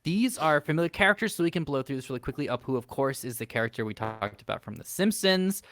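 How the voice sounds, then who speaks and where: A man's voice: fairly high pitch, animated, fast talker, fairly bright tone, a little hiss or hum. Upbeat, fact-listing comedy podcast man. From United States. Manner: upbeat, lists facts with fillers and dry jokes. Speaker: podcast co-host. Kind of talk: casual comedy podcast chat.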